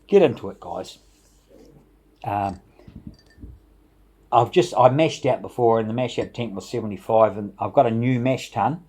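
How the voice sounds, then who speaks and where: A middle-aged man with a warm, mellow voice hosts his home brewing vlog. He talks casually and enthusiastically, rambles a little and chuckles along the way. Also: on the low side, moderate pace, pauses often, husky. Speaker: home brewing channel host. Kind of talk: casual vlog shout-outs.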